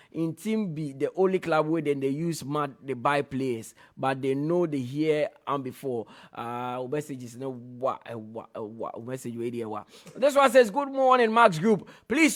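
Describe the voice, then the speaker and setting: A man with a Ghanaian accent hosts a sports radio show from the studio, reading listener messages on air. His voice sits a little on the high side. He raises it to read each message and lowers it to add his own remarks. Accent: Ghanaian English.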